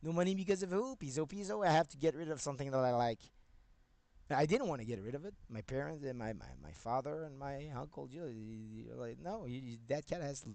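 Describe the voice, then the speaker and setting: A man's voice: fairly quick, vocal fry, dry recording. Male streamer, rambling casual storyteller who laughs and swears a lot. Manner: rambling, repeats himself, laughs often, swears; grows loud and high-pitched when excited.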